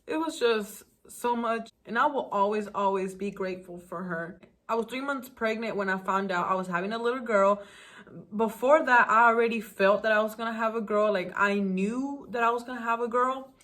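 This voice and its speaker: A woman's voice: fairly high pitch, normal speed, a bit bright. Emotional young woman telling her story. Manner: emotional, talks straight to viewers. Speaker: vlogger. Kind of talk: casual storytime.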